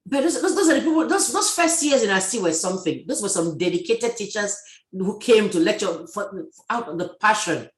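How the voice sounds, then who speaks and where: A woman hosting a talk show in a casual video chat, lively and full of restarts and repeated words. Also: medium pitch, brisk, echoey room. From Cameroon. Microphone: video call.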